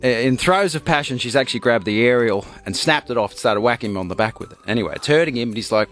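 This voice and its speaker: A man's voice: medium pitch, expressive, quick pace, hardly any pauses, fairly bright tone. Chatty Australian male radio host. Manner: chatty, laughs easily. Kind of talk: breakfast radio banter.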